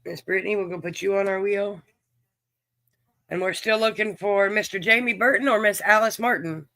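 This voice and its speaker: A man's voice: sits high, fairly quick, creaky, pushed and bright, dry recording. Folksy man hosting a stream. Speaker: livestream game host. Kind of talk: casual livestream chat, reading viewers' names.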